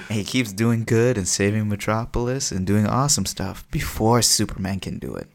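A young man co-hosting a podcast, telling jokey stories in an animated, casual way. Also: on the low side, a little fast, creaky. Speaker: podcast co-host. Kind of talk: casual chat.

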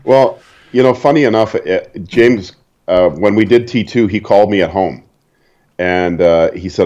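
A man's voice: on the low side, normal speed, a little mellow, lo-fi sound. An older man from Canada, a stunt performer, telling stories casually and chuckling at his own anecdotes. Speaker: interview guest, stunt performer.

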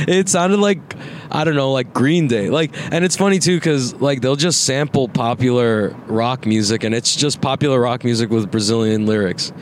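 A man's voice: medium pitch, moderate pace. A young man in his twenties hosting a casual podcast while riding in a car, rambling, swearing and laughing as he talks. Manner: rambling, profane, laughs often. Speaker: podcast host. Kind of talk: casual chat. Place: inside a moving car. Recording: faint road noise in a car.

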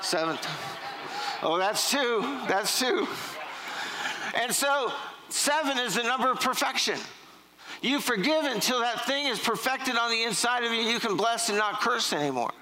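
Bright-voiced pastor preaching. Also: male voice, extremely high pitch, expressive, moderate pace, slight background noise, poor audio. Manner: joking, storytelling, quizzing the congregation. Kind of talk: sermon. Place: church sanctuary.

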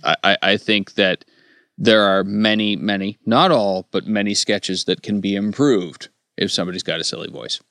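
A man's voice: lowish voice, moderate pace, creaky, no echo, studio quality. A man co-hosting a casual comedy podcast, talking loosely about sketch writing and laughing often. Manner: relaxed, laughs often, slips into silly voices.

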